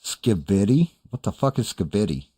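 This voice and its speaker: Low, dark-voiced older man ranting casually. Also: very animated, moderate pace, breathy edge, dry recording, clean studio sound. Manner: profane, rambling, self-deprecating. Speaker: streamer host. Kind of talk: casual chat reading live chat.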